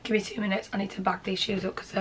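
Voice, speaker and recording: A young woman with a Yorkshire accent chatting excitedly to camera at home as she sorts her things. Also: mid-range voice, rapid-fire, heavy background noise. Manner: chatty and excitable, talks to camera while sorting. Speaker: vlogger. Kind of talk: casual vlog chat. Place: bedroom at home.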